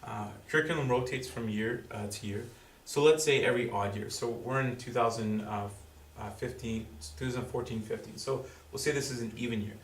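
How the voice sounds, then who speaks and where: A man giving a school presentation to parents, explaining in a halting way full of fillers and restarts. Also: mid-range voice. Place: school room with audience. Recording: roomy, distant, faint background noise.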